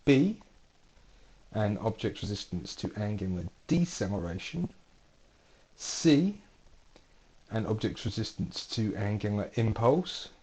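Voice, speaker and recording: Lively lecturer reading quiz questions. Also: male voice, lowish voice, slow pace, long pauses. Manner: playful, dry asides, corrects himself mid-question. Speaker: university lecturer.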